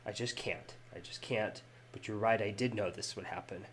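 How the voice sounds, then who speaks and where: A sorrowful, fatalistic male guide, as a man voices him, speaking low, soft and halting. He sounds resigned, apologizing for what destiny has written, in a tabletop story. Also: slight background noise, close to an everyday voice.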